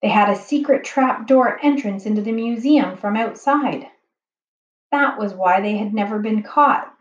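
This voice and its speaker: A woman reading a children's book aloud slowly and carefully as the narrator. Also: medium pitch. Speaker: storyteller. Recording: dull, roomy home recording.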